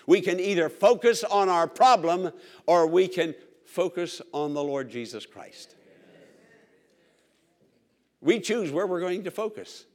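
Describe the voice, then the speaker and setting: High-voiced man preaching a sermon. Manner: emphatic, repetitive, call-and-response with congregation.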